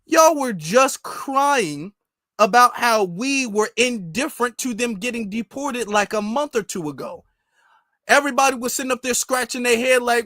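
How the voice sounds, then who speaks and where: A man's voice: very high-pitched, normal speed, sharp tone, no room sound, studio quality. A man hosting a commentary channel, reacting to clips in an exasperated, mocking way and repeating himself.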